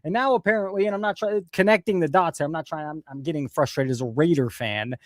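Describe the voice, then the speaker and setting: A man's voice: a little high, fast, no echo, clean studio sound. A man hosting a casual live show, ranting and sarcastic with frequent swearing. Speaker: host.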